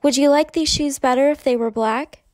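A woman's voice: high voice, moderate pace, a little mellow, no room sound, studio quality, voice pushed up, close to an everyday voice. Woman voicing a poised, theatrical young girl. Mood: bright. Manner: sophisticated, theatrical.

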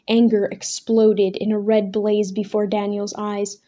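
Warm-toned woman narrating an audiobook. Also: mid-range voice. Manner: measured, expressive reading. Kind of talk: scripted narration.

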